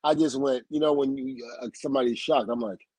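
A man from the United States, a guest in an interview, telling a lively story full of acted-out quotes and laughs. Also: mid-range voice, brisk, over a noisy crowd, rough recording. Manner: animated storyteller who acts out quotes and laughs often. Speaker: interview guest, former wrestler.

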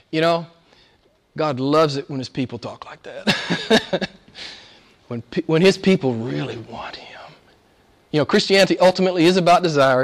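A man preaching a sermon, swinging from hushed, whispered lines to loud, high exclamations, with playful asides and frequent laughs.

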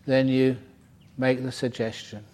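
A man's voice: mid-range voice, little pitch movement, unhurried, a little mellow, natural voice. A man voicing a sly senior male monk giving tongue-in-cheek advice, close to his own voice.

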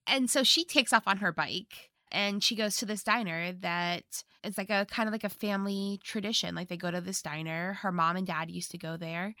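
A woman casually chatting as co-host, recapping a movie in an animated way and laughing often. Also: medium pitch, moderate pace, hardly any pauses, no echo, studio quality.

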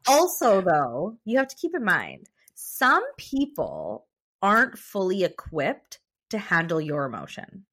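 A woman in her thirties, a podcast co-host from Canada, chatting casually, blunt and animated, swearing freely as she tells stories. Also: lowish voice, a little slow. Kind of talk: casual chat.

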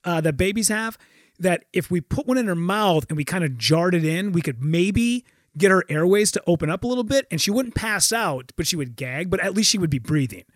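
A middle-aged man and stand-up comedian telling stories in a casual chat, animated and swearing freely, with many restarts. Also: sits high, fairly quick, dry recording. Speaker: stand-up comedian, podcast guest.

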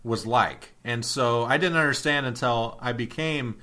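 A man co-hosts a casual film podcast in a bright, forceful voice. He is laid-back and laughs easily as he questions the plot. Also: mid-range voice, unhurried, slight background noise. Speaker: podcast co-host. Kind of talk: casual chat reviewing a film.

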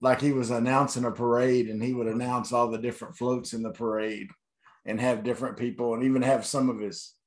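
A man's voice: medium pitch, little pitch movement, a little fast. A man, co-hosting a podcast, easygoing and teasing as he tells stories in casual chat. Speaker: podcast co-host.

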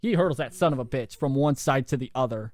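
A young man hosting a podcast, telling a story in a lively, profane way with lots of fillers, into a handheld mic. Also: mid-range voice, quick pace, no echo, studio quality. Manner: animated, profane, full of fillers. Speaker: podcast host. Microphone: handheld microphone.

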